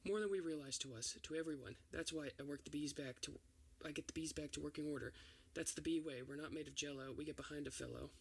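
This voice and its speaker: Man with a gravelly, slightly high voice reading a script for ASMR. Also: quick pace, few pauses. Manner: reads every part in one steady voice with few changes. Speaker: ASMR reader.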